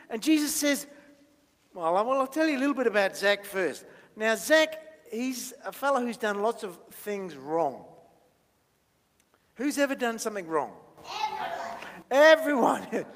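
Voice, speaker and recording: A minister with an extremely high, fairly bright voice leads a playful children's talk in church. He's chatty and jokey, quizzing the audience while he draws, and the church hall adds a long reverb.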